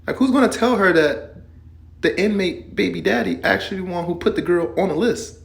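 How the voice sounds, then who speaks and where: A man's voice: sits high, fairly quick, vocal fry. A man hosting and commenting casually, firing incredulous questions straight at his audience. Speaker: host and commentator.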